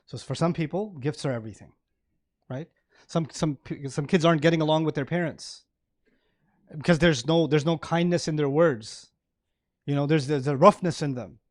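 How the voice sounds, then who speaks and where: Male preacher, high voice, animated storytelling sermon with laughs. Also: moderate pace, no room sound, studio quality. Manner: animated, acts out examples, laughs often. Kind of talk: sermon to a live audience.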